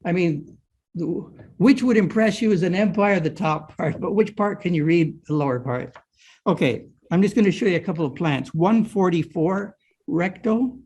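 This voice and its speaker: A man's voice: high voice, normal speed, a little mellow, husky. An older man giving a guided lecture on an old manuscript, explaining step by step and often checking in with his listeners. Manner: explanatory, frequent "right?" checks.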